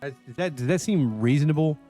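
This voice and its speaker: A man chatting casually to viewers while streaming a game, swearing a lot and swinging between excitement and frustration. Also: on the high side, quick pace, faint music behind. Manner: profane, excitable, talks to chat. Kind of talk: live-stream gameplay chat.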